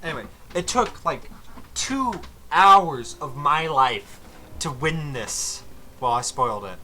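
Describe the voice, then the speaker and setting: A man's voice: a little high, lively intonation, takes it slowly, bright, forceful tone, a little hiss or hum. A young man giving casual, exasperated commentary over his strategy game footage, swearing freely as he walks through a match. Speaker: gaming commentator.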